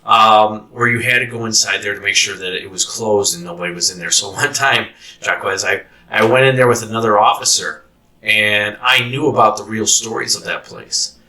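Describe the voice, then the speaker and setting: A man hosting an interview and telling his own story in an animated, casual way. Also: on the low side, moderate pace, far from the mic, rough recording. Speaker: host and former corrections officer.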